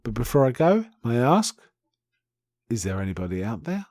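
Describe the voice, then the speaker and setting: A man's voice: medium pitch, big pitch swings, moderate pace, a little mellow, no room sound, studio quality. A man hosting a podcast, casually retelling and reviewing a TV episode in an enthusiastic, rambling way with many restarts.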